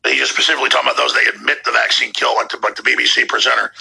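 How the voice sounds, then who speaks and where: A man's voice: medium pitch, little pitch movement, racing, creaky, sharp tone, husky, poor audio. A man hosting a podcast, ranting with heated sarcasm between played clips. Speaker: podcast host. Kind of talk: ranting commentary over clips.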